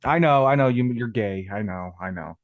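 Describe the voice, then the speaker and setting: A man's voice: lowish voice, moderate pace, no echo, muffled recording. A man calling in to a talk show, telling long rambling stories and swearing constantly. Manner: profane, rambling storytelling. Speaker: caller. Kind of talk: casual call-in chat.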